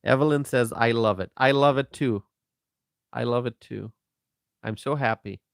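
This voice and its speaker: Male live-stream commentator, deliberate and emphatic, dry close sound. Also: mid-range voice, creaky, dry recording. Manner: slow, emphatic, repeats himself, greets viewers by name.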